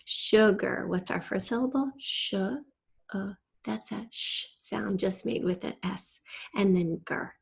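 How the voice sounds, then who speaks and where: A woman's voice: medium pitch, a little slow, creaky, breathy edge. A woman teacher giving a patient, step-by-step spelling lesson and spelling out letters from a shared document.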